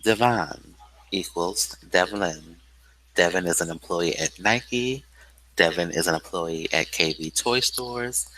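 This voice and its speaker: A man's voice: low-pitched, animated, unhurried, bright, forceful tone, slight background noise, poor audio. A man hosting a solo video, delivering a rambling stream-of-consciousness monologue that jumps between unrelated topics.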